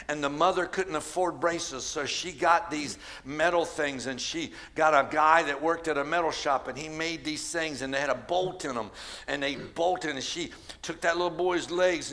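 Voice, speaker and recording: A man preaching a Mother's Day sermon with an American accent, swinging from shouted cries to hushed storytelling. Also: on the high side. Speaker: pastor.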